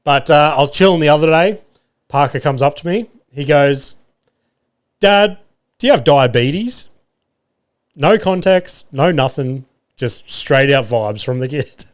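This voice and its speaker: A man in his thirties with an Australian accent hosts a podcast from a home room, swapping wry, profane comic stories in a casual chat. His voice is fairly high, clear and resonant, at a moderate pace, and he fills it with filler words and acted-out quotes.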